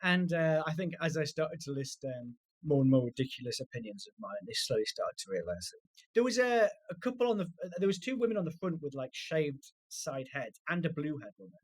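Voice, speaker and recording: A man co-hosting a comedy podcast, telling stories quickly in casual chat and laughing often. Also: a little high, sing-song. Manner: quick anecdotal storytelling with frequent laughs.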